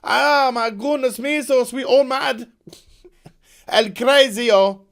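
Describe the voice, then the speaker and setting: A man's voice: slow, exaggerated voice. A man putting on a hammy, exaggerated voice as a melodramatic soap opera man. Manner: hammy, exaggerated, high and loud.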